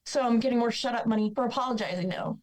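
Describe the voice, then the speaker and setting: A woman's voice: fairly high pitch, very fast, a little mellow, rough recording. A woman speaking as a podcast guest, telling her own painful life story in a blunt, candid, emotional way. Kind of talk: personal storytelling.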